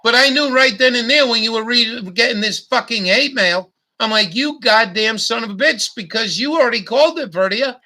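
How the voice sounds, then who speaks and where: A man's voice: very high-pitched, brisk, hardly any pauses, bright, forceful tone. A middle-aged man hosting a livestream, talking bluntly with lots of swearing and repetition. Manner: blunt, profane, repetitive ranting. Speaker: livestream host. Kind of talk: casual livestream chat.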